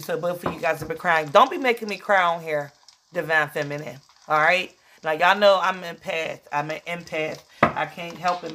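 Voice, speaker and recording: A woman's voice: fairly low pitch, normal speed, a bit bright, slight background noise. Emotional chatty woman tarot reader. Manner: chatty, emotional, calls listeners "child". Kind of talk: casual tarot reading.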